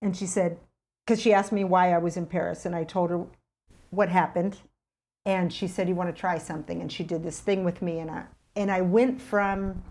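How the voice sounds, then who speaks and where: A middle-aged woman casually telling a personal story as a guest, acting out her own past thoughts with lively jumps in pitch. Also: moderate pace.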